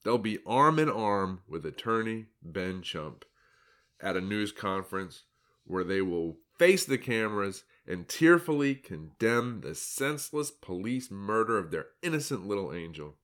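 A man's voice: lowish voice, big pitch swings, a little slow, a bit bright. A man giving sarcastic, mocking solo commentary on his own article, laughing at his own jokes.

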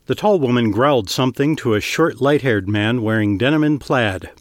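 A man's voice: medium pitch, normal speed, dry recording. Man narrating fiction, dry close mic.

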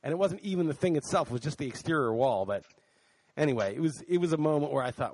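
A man's voice: mid-range voice, expressive, fairly quick, no echo. A man co-hosting a podcast, telling a story in casual chat and swearing now and then. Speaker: podcast co-host.

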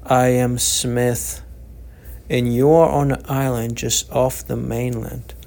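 A man voicing a kindly old man who speaks gently and slowly, reassuring and calm, in an audiobook reading. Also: mid-range voice, vocal fry. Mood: gentle, reassuring.

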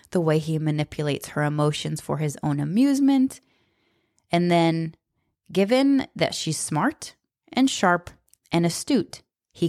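A woman's voice: fairly low pitch, dry recording, clean studio sound. A woman in her thirties giving blunt, sarcastic spoken commentary, swearing freely. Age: 30s. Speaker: book commentator.

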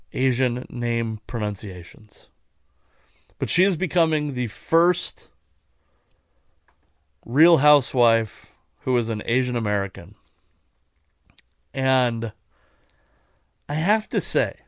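Worn-out guy rambling solo on his podcast, wry, keeps correcting himself, middle pitch, dead dry sound. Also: no echo. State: tired. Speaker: podcast host. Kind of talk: casual solo podcast monologue.

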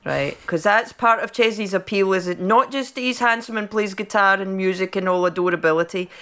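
A woman's voice: medium pitch, fairly quick, fairly bright tone. Chatty, laughing woman podcast host. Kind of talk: casual podcast interview.

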